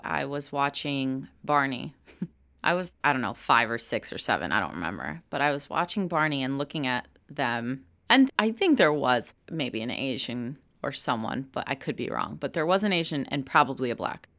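A woman's voice: low voice, fairly bright tone, dry recording. A young American woman from Chicago, an actress talking candidly in an interview and laughing often. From Chicago, United States. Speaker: actress, guest.

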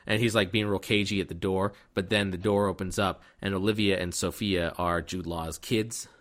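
A man's voice: deep voice, fairly even intonation, moderate pace, fairly bright tone. A man casually recapping a movie plot, rambling with fillers and restarts and acting out the characters' lines.

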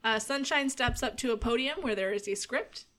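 A woman's voice: on the high side, moderate pace, fairly bright tone. A woman narrating as a game master, talking in a chatty way with many fillers.

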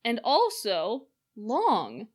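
A woman's voice: on the high side, wildly swooping pitch, extremely slow. A young woman co-hosting a casual podcast, playfully summarizing a story and acting out its lines in jokey voices. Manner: playful, jokey, acts out quotes in silly voices. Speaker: podcast co-host. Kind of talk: casual chat.

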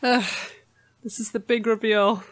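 A woman with a fairly high voice retells a book's plot in a casual chat. She laughs often as she talks. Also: steady tone, normal speed. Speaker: podcast co-host. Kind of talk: casual chat about a book.

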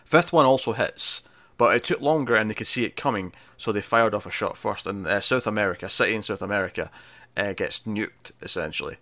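Lowish-voiced man recapping a TV episode. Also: fairly quick, no echo. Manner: animated retelling, acts out characters' lines. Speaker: podcast co-host. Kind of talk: casual TV episode discussion.

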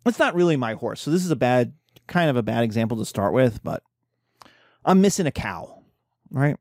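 A man's voice: medium pitch, moderate pace, dry recording, studio quality. A man giving an informal lecture, telling stories and acting out the people in them. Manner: animated storytelling, acting out characters.

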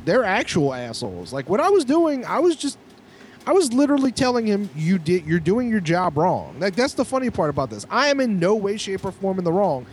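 A man co-hosting a podcast, telling a profane, animated story with lots of restarts. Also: high voice, a little fast, a little hiss or hum. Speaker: podcast co-host. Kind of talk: casual storytelling chat.

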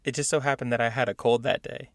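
A man's voice: medium pitch, flat delivery, fast, no echo. A man co-hosting a casual podcast chat, talking loosely with frequent restarts and easy laughter. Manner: chatty, laughs often, many restarts. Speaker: podcast co-host.

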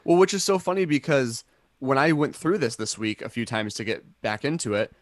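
A man's voice: medium pitch, moderate pace, no room sound. Chatty man on a dry mic. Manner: enthusiastic, rambling with many fillers and restarts. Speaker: podcast co-host. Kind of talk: casual chat.

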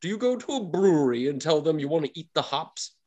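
Man voicing a roguish minstrel, boastful, theatrical, quick to take offense, tabletop game. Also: a little high, big pitch swings, a little mellow, muffled recording, pitched above the performer's own voice. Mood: indignant.

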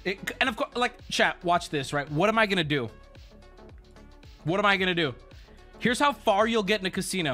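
Man, streamer, high bright voice, very lively pitch, excitable storytelling. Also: a little fast, pauses often, faint music behind. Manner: excitable, shouts at the big moments, drops into gruff voices for others.

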